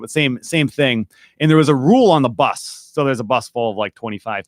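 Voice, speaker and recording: A man's voice: mid-range voice, no room sound, clean studio sound. Candid, reflective man hosting a podcast. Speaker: podcast host. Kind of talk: casual chat.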